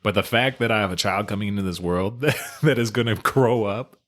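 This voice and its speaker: A man's voice: on the low side, fairly quick, fairly bright tone. A young man co-hosting a casual podcast, laid-back and laughing often. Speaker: podcast co-host. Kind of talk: casual chat.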